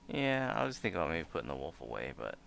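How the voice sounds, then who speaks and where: Casual let's play man: low, gravelly, animated, steady noise under him. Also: quick pace. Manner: casual, chatty, self-narrating. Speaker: gaming video creator.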